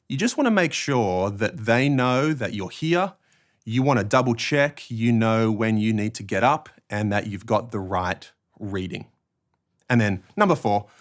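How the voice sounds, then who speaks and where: Aussie guy explaining stuff to camera, lowish voice, slow clear careful phrasing. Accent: Australian. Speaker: church ministry trainer. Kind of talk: instructional talk to camera.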